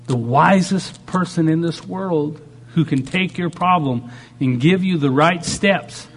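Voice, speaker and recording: A man's voice: on the high side, measured pace. A man preaching a sermon, shifting dramatically in tone and acting out the voices he quotes. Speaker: pastor.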